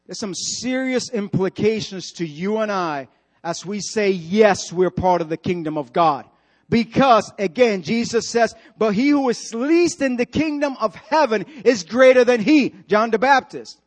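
A man's voice: high voice, animated, unhurried. A male pastor preaching a sermon, emphatic and repetitive, putting direct questions to the congregation in church.

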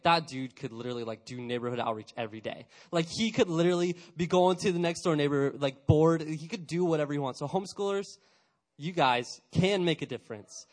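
A young man in his twenties giving a casual, energetic youth sermon, chatty and full of fillers, acting out little quotes. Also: on the high side. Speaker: youth pastor.

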